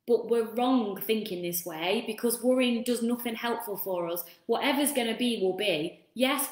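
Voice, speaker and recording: A woman hosting a casual self-help talk, chatting freely and breaking off to greet viewers. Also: mid-range voice. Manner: chatty, warm asides to viewers. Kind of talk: casual live-stream talk. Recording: roomy echo.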